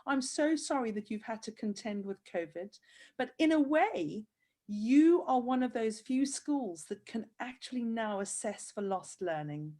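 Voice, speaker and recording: Woman host, a bit high-pitched, gushing and teary on a video call. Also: expressive, measured pace, mellow. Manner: effusive, tearful praise. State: crying. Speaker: host of handwriting program. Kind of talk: emotional interview over video call.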